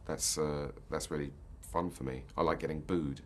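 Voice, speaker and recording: Man, stage actor, very low voice, hesitant, faint noise behind. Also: fairly even intonation, normal speed, a bit bright. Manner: hesitant, self-deprecating, with restarts. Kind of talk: casual interview chat.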